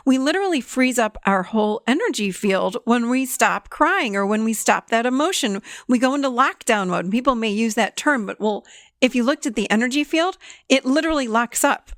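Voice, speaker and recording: A woman hosting a podcast as a therapist, talking in an animated, emphatic way and laughing often. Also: on the high side, no echo, clean studio sound. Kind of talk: conversational podcast talk.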